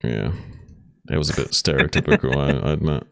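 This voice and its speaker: A man's voice: rumbling low, a little fast, gravelly, no echo, studio quality. A man who casts games, chatting casually in a rambling, teasing way. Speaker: game caster. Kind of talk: casual chat.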